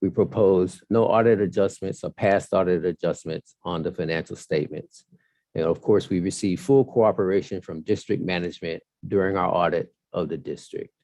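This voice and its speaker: Man, deep and warm-toned, formal measured presenter of audit results. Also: dry recording. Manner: measured, formal, with some fillers. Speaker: audit firm partner presenting. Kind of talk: formal presentation at a council hearing.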